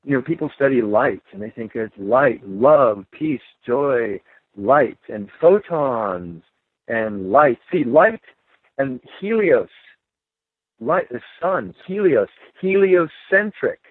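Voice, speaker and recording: A guest author with an animated, mid-range voice speaks slowly and emphatically in a podcast conversation, laughing between his points. The recording is dry and comes through a tinny phone line.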